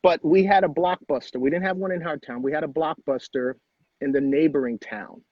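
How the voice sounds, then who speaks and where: A man's voice: fairly high pitch, fairly quick, no room sound, highs cut off. A middle-aged man telling a personal story as a guest in a conversation, earnest and repeating phrases for emphasis.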